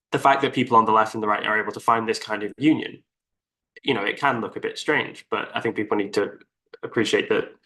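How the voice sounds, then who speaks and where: A man's voice: fairly low pitch, vocal fry, bright, forceful tone. A male co-host of a casual political discussion, explaining his argument at length. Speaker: podcast co-host.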